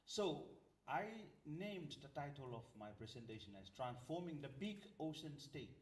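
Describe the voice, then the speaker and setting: A man with an I-Kiribati accent giving a formal conference presentation for a government ministry, pausing often to restart his sentences. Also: on the high side, big pitch swings, distant mic. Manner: halting, with frequent hesitations and restarts. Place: large meeting hall. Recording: echoey hall, voice from off-mic.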